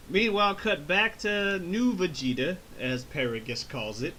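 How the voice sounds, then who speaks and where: A man's voice: high-pitched, a little slow, slight background noise. A man hosting a casual movie review, recapping the plot with profanity and constant acted-out bits. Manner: animated recap, profane, laughing. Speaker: reviewer and host.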